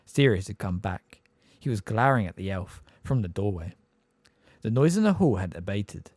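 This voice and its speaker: A man narrating an audiobook with expressive storytelling. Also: fairly low pitch, moderate pace, dry recording, studio quality. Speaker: audiobook reader.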